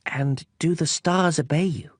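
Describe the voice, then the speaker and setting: Casting: man voicing a shy little boy prince for a storybook, raised and soft. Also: fairly high pitch, a little slow, no echo, clean studio sound, pitched above the performer's own voice. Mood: timid. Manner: soft, timid, questioning. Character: small gentle boy prince, curious and timid.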